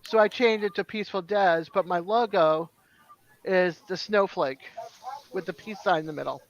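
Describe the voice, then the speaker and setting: A woman in a casual group video chat, explaining things haltingly with fillers. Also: on the low side, muffled recording.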